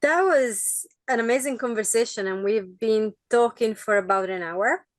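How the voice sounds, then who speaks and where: A woman's voice: fairly high pitch, moderate pace, dry recording. A woman hosting a podcast interview, speaking in an affirming, reflective way. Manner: affirming, reflective, frequent mm-hmms. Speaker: podcast host. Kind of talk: casual interview chat.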